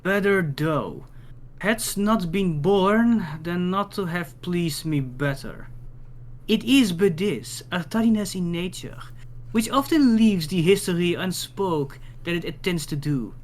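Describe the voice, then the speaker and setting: Man reading a proud old raging king, slow declaimed verse, a bit high. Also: expressive. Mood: wrathful.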